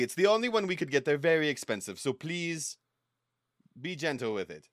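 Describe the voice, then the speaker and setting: Lively high-voiced man guiding a mock tour. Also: brisk, no echo, studio quality. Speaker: mock museum tour guide. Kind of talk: comedic improv role-play.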